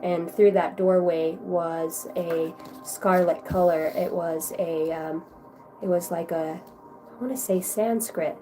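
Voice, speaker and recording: A woman's voice: fairly low pitch, steady tone, slow, dark tone. A woman giving a casual livestream card reading, chatty and effusive, swearing freely as she talks to her viewers. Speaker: tarot reader.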